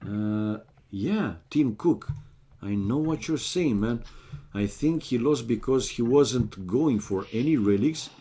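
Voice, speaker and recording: Speaking slowly in a warm, animated, medium-pitched voice, a young man from Romania casts a strategy game on stream. He chats casually with his viewers, calling them "man" as he talks.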